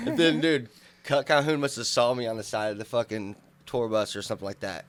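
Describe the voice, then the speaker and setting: A man, co-hosting a podcast and telling a wild story in a loud, profane, animated way. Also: mid-range voice, quick pace. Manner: animated, profane storytelling, acting out drunk shouts. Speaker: podcast co-host. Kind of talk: casual storytelling chat.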